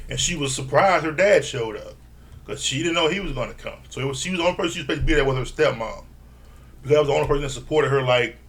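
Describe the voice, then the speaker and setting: A man giving a blunt, profane casual recap of a reality TV episode, laughing often and mimicking people in a higher voice. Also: a bit bright. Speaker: reality TV reviewer.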